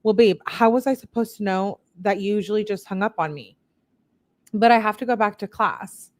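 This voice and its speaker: A woman with a medium-pitched, darkish voice reads text messages aloud at a moderate pace. She's a true-crime commentator who pitches her voice up a bit for the quotes and stops now and then for blunt, candid comments.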